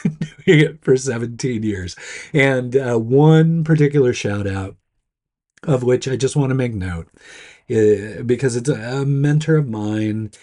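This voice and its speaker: A man hosting a casual weekly startup news video, his voice hoarse and gruff from smoky air, talking in a rambling, self-deprecating way. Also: darkish tone. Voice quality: gruff, lowered voice.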